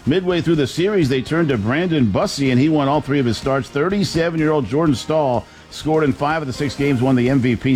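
A man anchoring a sports news segment, reading headlines in a brisk, scripted style. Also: medium pitch, a little mellow.

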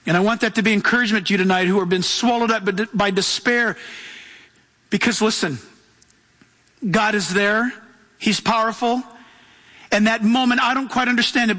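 A man preaching a sermon in a high, bright, forceful voice. He is emphatic and acts out little voices as he goes. The sound carries a long reverb, as in a large church hall. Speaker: pastor.

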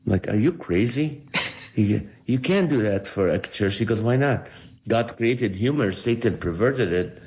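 A man's voice: fairly low pitch, moderate pace. A middle-aged man from the Holy Land, a comedian telling stories in an interview, acting out each quoted voice with energy. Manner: animated, acts out the quoted voices. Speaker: comedian guest. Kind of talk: storytelling in an interview.

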